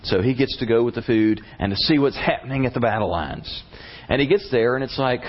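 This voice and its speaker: A man's voice: mid-range voice, fairly quick. A man preaching a sermon, retelling a Bible story in a casual, conversational way with slang. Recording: slightly muffled lo-fi recording.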